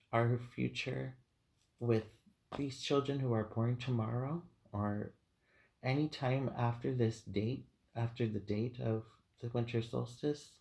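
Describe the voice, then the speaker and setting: Slow, gravelly-voiced man reading tarot. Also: mid-range voice, darkish tone. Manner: hesitant, many ums, heartfelt and emotional. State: teary-eyed. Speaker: tarot reader. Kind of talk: unscripted tarot reading monologue.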